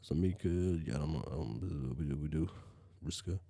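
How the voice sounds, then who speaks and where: A man streaming as he reads a webcomic aloud, talking casually, often halting and stammering. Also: very deep voice, dark tone, dry recording. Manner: halting, stammers and restarts, mutters to himself.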